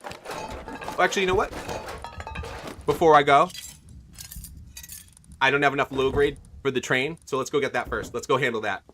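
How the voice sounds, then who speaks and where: A man's voice: medium pitch, moderate pace, long pauses, a bit bright, a little hiss or hum. A man streaming a video game, rambling casually and asking his viewers what they think. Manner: rambling, chatty, asks viewers questions. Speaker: livestreamer. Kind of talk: casual gaming commentary.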